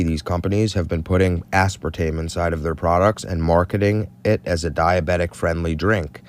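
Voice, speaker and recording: A man delivering an incredulous, conspiratorial monologue. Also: low voice. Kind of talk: scripted monologue.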